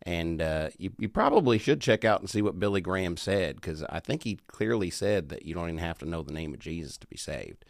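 A man's voice: sits low, lively intonation, a little fast, creaky, hardly any pauses, no room sound, studio quality, voice pushed down. A man posing as a caller with a put-on Southern accent, drawling and questioning. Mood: earnest. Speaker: prank caller.

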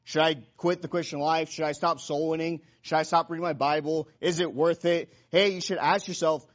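A man's voice: fairly high pitch, fairly even intonation, moderate pace. A man preaching a sermon, earnest and repeating rhetorical questions to the congregation. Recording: dull lo-fi recording.

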